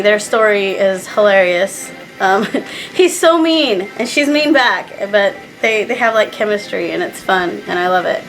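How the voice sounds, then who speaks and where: A woman's voice: on the high side, a bit bright, poor audio. A young woman chatting casually to camera, sad and stressed, rambling with fillers and restarts. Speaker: vlogger.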